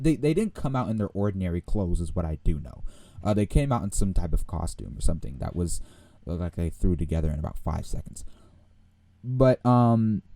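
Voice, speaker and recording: Low-voiced young man telling a rambling story. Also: no room sound. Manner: rambling, animated, laughs often, acts out voices. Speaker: podcast host. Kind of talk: casual storytelling.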